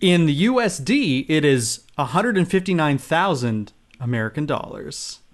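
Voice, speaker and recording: A man's voice: fairly high pitch, big pitch swings, moderate pace, faint music behind. A man co-hosting a comedy podcast, easygoing and chuckling as he talks. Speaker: podcast co-host. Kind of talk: casual comedic chat.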